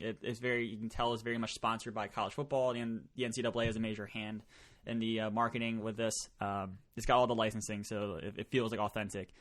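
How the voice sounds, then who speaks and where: A man hosting a podcast, telling stories in casual chat, swearing often and laughing as he goes. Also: medium pitch. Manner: profane, laughing, animated storytelling. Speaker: podcast host.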